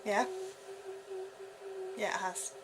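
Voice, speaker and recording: A young woman with an Irish accent chats her way through a makeup tutorial, giddy and rambling, often talking to herself. She sits in a room at home, and clear background noise runs under her voice. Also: very slow. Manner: giddy, chatty, talks to herself. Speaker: beauty vlogger. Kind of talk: casual makeup tutorial chat.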